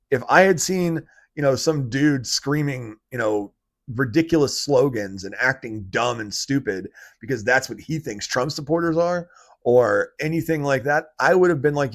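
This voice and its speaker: A man hosting his own political commentary vlog, talking in an animated rant that is full of fillers and restarts. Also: medium pitch, a little slow. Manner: animated ranting, heavy fillers. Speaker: channel host.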